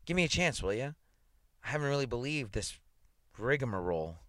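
A man's voice: medium pitch, very animated, fairly quick, a bit bright, no room sound, clean studio sound, voice pushed up. A man reading aloud and voicing a nervous, blustering male newspaper columnist who talks in slang. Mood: defensive.

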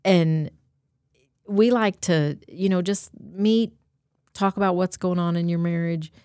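A woman's voice: lowish voice, slow pace, a little mellow, dry recording, studio quality. A woman in her forties, a guest on a church talk show, speaking in a friendly, matter-of-fact way about serving. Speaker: guest, church board member. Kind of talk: casual interview chat.

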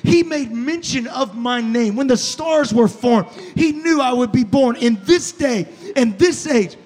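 A male pastor preaching a fervent sermon to a congregation, dropping to a hush and then rising to shouts. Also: very high voice, measured pace, long reverb tail. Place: church sanctuary before a congregation.

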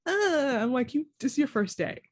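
A woman co-hosting a casual TV recap chat, animated and quick to act out characters' lines. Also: sits high, no room sound. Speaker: podcast co-host.

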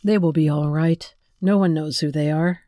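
A man's voice: on the high side, steady tone, moderate pace, no echo, clean studio sound, lightly acted. Gabriel, narrator voicing a grave tender man. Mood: earnest. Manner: earnest, soft-spoken, holding back tears. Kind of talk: audiobook character reading.

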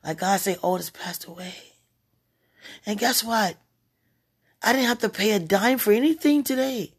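A woman's voice: mid-range voice, moderate pace, husky. A tipsy woman rambling casually to her viewers, giggling and interrupting herself as she talks. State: tipsy from wine. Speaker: live streamer.

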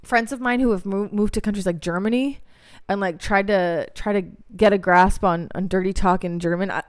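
A woman's voice: medium pitch, fairly even intonation, normal speed, clean tone. A young woman hosting a podcast, telling frank, profane stories in a casual monologue and laughing often. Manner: candid, laughing, profane storytelling. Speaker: podcast host.

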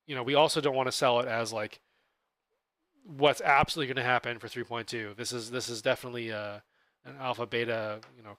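A man co-hosting a podcast, chatting casually about tabletop gaming in a relaxed, explanatory way. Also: medium pitch, dry recording. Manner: relaxed, explanatory, self-correcting. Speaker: podcast co-host.

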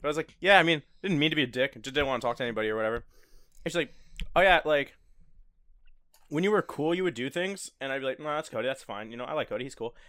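Young man, casual chat, rambling anecdotes with laughter, mid-pitched, dry close sound. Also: animated, quick pace, a bit bright, dry recording. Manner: storytelling with laughs and swearing. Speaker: friend chatting.

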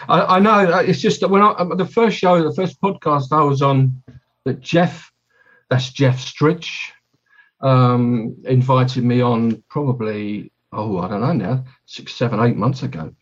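A man's voice: medium pitch, measured pace, highs cut off. A man hosting a podcast in casual chat, rambling and correcting himself as he talks. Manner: rambling, self-correcting, chatty. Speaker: podcast host.

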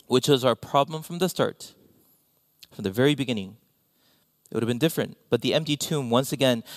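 Animated pastor who drops to whispers. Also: male voice, a little high, no echo, studio quality. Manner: animated, dropping to near-whispers, self-deprecating asides. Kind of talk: sermon.

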